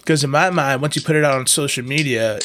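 A man's voice: medium pitch, fast, a bit bright, slight background noise. A man who does stand-up, telling rambling stories as a podcast guest, swearing and laughing often. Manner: rambling, profane storytelling with frequent laughs. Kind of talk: casual podcast chat.

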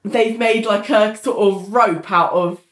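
A woman's voice: mid-range voice, measured pace. Thoughtful woman chatting. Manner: thoughtful, agreeable, many "like" fillers. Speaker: podcast co-host. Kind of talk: casual chat discussing a TV episode.

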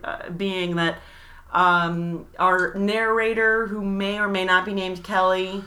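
A woman's voice: on the low side, steady tone, slow pace, pushed and bright. A woman co-hosting a casual podcast, chatty and laughing often as she drives the conversation. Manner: chatty, laughs often, scripted intro with a sung jingle. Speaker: podcast co-host. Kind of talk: casual chat.

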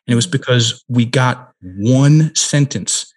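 A middle-aged man, a guest on a podcast, telling a coaching story on a headset mic, emphatic and slowing down to stress key words. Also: mid-range voice, husky. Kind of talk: conversational storytelling.

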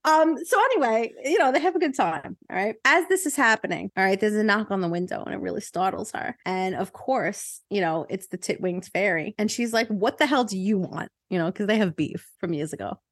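A woman's voice: mid-range voice, fairly quick, hardly any pauses, no echo, studio quality. Giggly woman spinning a rambling comic tale. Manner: rambling, giggly, full of fillers. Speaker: podcast co-host. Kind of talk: comedic improvised storytelling.

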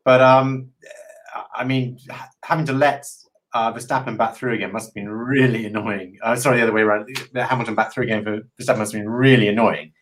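A man co-hosting a casual motorsport podcast, hesitant and thinking aloud with many pauses and fillers. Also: medium pitch, steady tone, a little hiss or hum. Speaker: podcast co-host.

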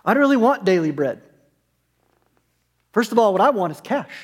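High-voiced pastor preaching in a reverberant hall. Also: male voice, sing-song, normal speed, slightly rough. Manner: conversational, humorous asides. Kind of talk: sermon. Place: church sanctuary.

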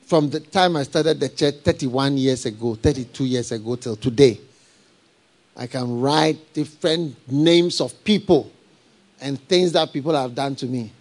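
A middle-aged man preaching a live sermon, animated and laughing, firing rhetorical questions at his congregation. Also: medium pitch, a little slow. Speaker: pastor.

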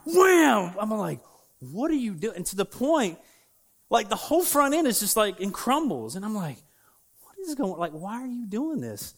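A young adult man preaching in a casual storytelling way, animated and laughing at himself as he acts out his stories. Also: fairly high pitch. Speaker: pastor.

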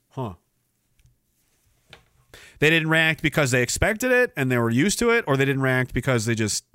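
A middle-aged man hosting a livestream podcast, reading chat messages aloud and riffing on them in a profane, mocking way with loud, shouted bits. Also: mid-range voice, no echo, studio quality. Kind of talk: casual profane livestream banter.

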